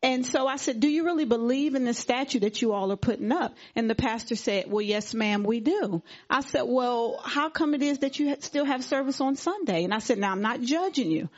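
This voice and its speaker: A woman's voice: fairly high pitch, fairly quick, hardly any pauses. A woman sharing a testimony at a church service, retelling a conversation and acting out what each person said. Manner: animated retelling, acting out quoted dialogue. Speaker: congregation member giving testimony. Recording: dull lo-fi recording.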